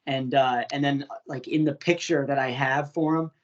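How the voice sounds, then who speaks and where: A man's voice: mid-range voice, steady tone, normal speed, highs cut off. A man hosting a podcast in casual chat, laughing often and swearing freely with many fillers. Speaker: podcast host.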